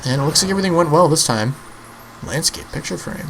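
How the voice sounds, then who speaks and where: A man's voice: on the high side, expressive, fast talker, gravelly, background noise. A man in his early twenties giving casual, rambling gameplay commentary as a channel host, swearing offhandedly. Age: early 20s.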